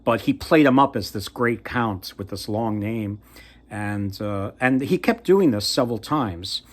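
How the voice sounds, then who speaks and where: A man casually retelling a fairy tale from memory, halting and often trailing off to restart. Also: lowish voice, lively intonation. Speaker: storyteller.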